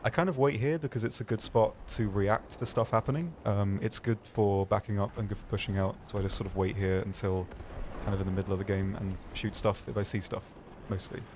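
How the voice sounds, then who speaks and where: A laid-back man co-hosting a game stream, talking slowly through what he plans to do. His voice sits fairly low and hesitant, with a faint noise behind it. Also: fairly even intonation, darkish tone. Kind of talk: casual gameplay chat.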